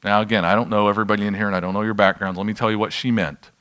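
A man's voice: fairly low pitch, flat delivery, very fast, fairly bright tone. A pastor teaching a church class in a loose, conversational way, often checking whether his listeners follow. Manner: conversational, self-deprecating, checks in with the audience. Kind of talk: informal sermon teaching. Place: church room with an audience.

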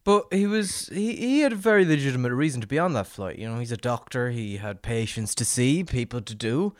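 A man's voice: mid-range voice, animated, brisk, no echo, clean studio sound. A man hosting a podcast, ranting profanely in casual chat. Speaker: podcast host.

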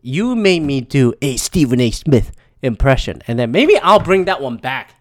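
A Philadelphia man hosts a solo podcast, ranting with profanity in a very animated way and laughing between thoughts. His voice is medium-pitched and his pace moderate.

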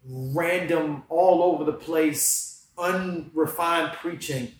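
A man talking casually about faith in slangy speech, dropping into hushed reflection and then rising into excited preaching. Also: on the high side, slow. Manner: casual slang, calls listener bro. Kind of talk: casual faith podcast chat. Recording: echoey room, distant from mic, faint background noise.

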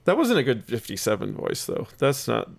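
A man's voice: medium pitch, huge pitch swings, normal speed, vocal fry. A man hosting a casual science chat, eager and rambling, often laughing mid-sentence. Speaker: podcast host.

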